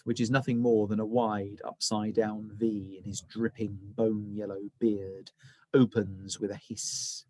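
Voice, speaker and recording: A male teacher reading a children's novel aloud, with expressive, dramatic storytelling. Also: on the low side, unhurried, no room sound.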